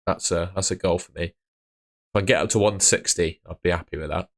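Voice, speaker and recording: Low-pitched male streamer, tired, casual and rambling, reads out chat names. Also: fairly even intonation, fast talker, vocal fry. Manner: chatty, rambling, answers chat by name. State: tired, yawning. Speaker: fantasy football streamer.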